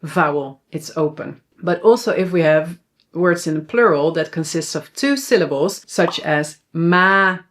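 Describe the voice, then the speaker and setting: A woman with a Dutch accent teaching a language lesson, explaining clearly and slowing down to model words. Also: deep voice, animated.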